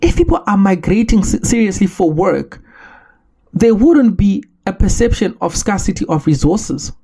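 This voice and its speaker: A man from Zimbabwe, hosting a solo podcast and making his case in an earnest, measured way with rhetorical questions. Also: high-pitched, big pitch swings, dark tone, breathy edge. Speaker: podcast host.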